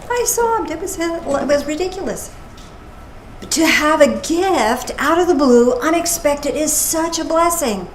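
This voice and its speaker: A woman minister giving a casual, playful sermon with animated asides. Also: high voice, unhurried. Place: church service. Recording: echoey room with faint noise.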